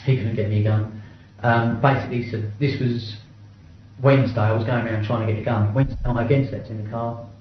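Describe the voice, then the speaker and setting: A middle-aged man talks quickly and bluntly, swearing freely and tripping into restarts as he tells his story. His voice sits in an ordinary male range. The recording is heavily echoey and a little dull, with faint room sound underneath. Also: mid-range voice, steady tone, slight background noise. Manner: blunt, swears often, stumbles and restarts while reliving events. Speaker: interviewee. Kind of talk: first-person account in an interview.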